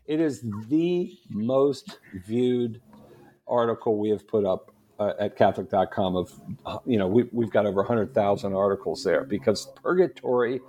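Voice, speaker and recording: A man guest on a podcast, telling stories in a lively, animated way and laughing often. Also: on the low side, moderate pace, a little hiss or hum. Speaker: guest apologist. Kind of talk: casual storytelling interview.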